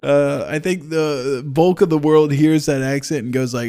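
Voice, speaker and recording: A man's voice: a little high, moderate pace, mellow. Joking, foul-mouthed man from Florida. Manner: joking, irreverent, swears freely, mock rants. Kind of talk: casual gaming chat. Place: home.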